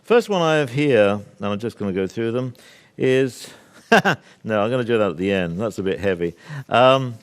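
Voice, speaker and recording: Deep-voiced older British man speaking. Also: lively intonation, normal speed, clean tone. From Britain. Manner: discursive, assertive, with many fillers and asides. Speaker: speaker at a workshop. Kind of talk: public talk to an audience. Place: venue with a live audience.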